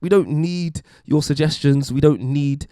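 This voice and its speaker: A man's voice: fairly high pitch, unhurried, warm tone, no room sound, studio quality. A man hosting a podcast, giving an emphatic, wry opinion monologue. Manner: wry, emphatic, puts on mock voices. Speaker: podcast host.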